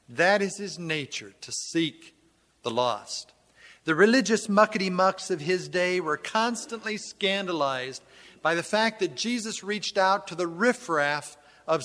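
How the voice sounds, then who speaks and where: A man preaching a sermon, reading scripture aloud and then expounding it in an emphatic, measured way. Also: high-pitched, a bit bright. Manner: emphatic, measured preaching with falling phrase ends. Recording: long hall reverb.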